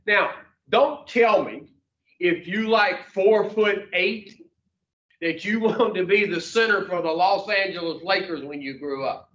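A man addresses a small gathering in a room, his voice high and fairly bright, his pacing measured. The talk is motivational, crude, and direct, and he keeps asking the crowd questions in a down-home way. The audio is roomy, remote, and lacks clarity.

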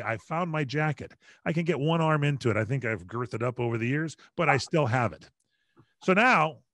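A man's voice: fairly high pitch, dry recording. Middle-aged radio guy telling stories, chatty and jokey, dry close sound. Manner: lively, chatty, quick to joke. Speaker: radio broadcaster, guest. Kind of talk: animated storytelling in conversation. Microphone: video call.

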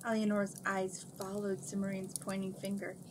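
A woman reads a novel aloud in a steady, mid-pitched voice. She trips over a word now and then and corrects herself. A noticeable hiss runs under the home recording. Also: moderate pace. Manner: steady reading with small stumbles and self-corrections. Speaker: book reader.

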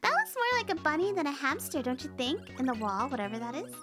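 A young woman streaming a video game with excitable, gasping, theatrical reactions. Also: high voice, fast. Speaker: VTuber streamer. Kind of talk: let's play commentary. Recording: game music playing under voice. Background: video game music.

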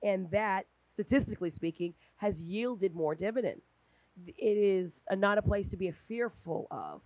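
A middle-aged woman speaking on a panel at a brunch event, talking in a lively conversational way and acting out quoted dialogue. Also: a little slow, no echo. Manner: animated, acts out quoted dialogue with big pitch jumps.

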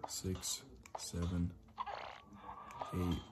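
A lower-voiced Irish man talks slowly through his gameplay, half to himself, ticking off each placement under his breath. Steady noise and keyboard clicks sit clearly behind his voice. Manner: mutters running instructions to himself while building. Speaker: let's play gamer. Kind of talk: casual gameplay commentary.

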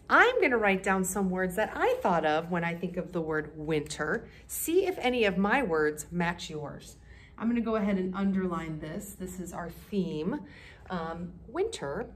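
Her voice fairly low in pitch, a woman leads a kindergarten music lesson. She talks to the little ones slowly and clearly, inviting them to take part.

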